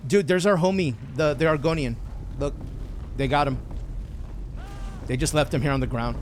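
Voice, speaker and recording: A man's voice: a little high, moderate pace, long pauses, background noise. A young man streaming a video game, chatting casually and slangily with viewers, swearing and reacting to the game. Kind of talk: live gameplay commentary.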